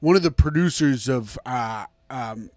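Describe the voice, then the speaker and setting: Um humorista americano do Meio-Oeste contando histórias animadas num podcast, imitando as vozes das pessoas, gravado num microfone de estúdio seco. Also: male voice, mid-range voice, a little slow, dry recording. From American Midwest. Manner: animated anecdotes with acted-out voices. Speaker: stand-up comedian, podcast regular. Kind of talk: casual podcast chat, storytelling.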